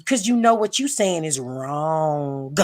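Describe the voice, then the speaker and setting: A woman's voice: sits low, lively intonation, takes it slowly, darkish tone. A woman hosting a livestream, ranting angrily and bluntly with profanity and repeated lines. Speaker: livestream host. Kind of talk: heated livestream rant.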